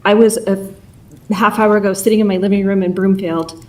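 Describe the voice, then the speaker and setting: Woman, mid-pitch, hesitant public commenter, some distance from the mic. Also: flat delivery, darkish tone. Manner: halting, with fillers.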